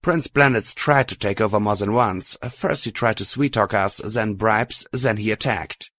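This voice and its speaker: A man's voice: lowish voice, a bit bright, dry recording. A man voicing a nervous, twitchy stallion scientist in an audiobook of a pony story. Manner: nervous, hurried, defensive.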